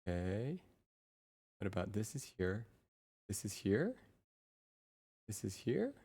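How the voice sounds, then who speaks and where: A woman's voice: rumbling low, big pitch swings, slow pace, dark tone, husky. A woman streamer chatting casually with her viewers through a real-time AI voice changer, muttering to herself while she sets up her screens. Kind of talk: casual live-stream chat.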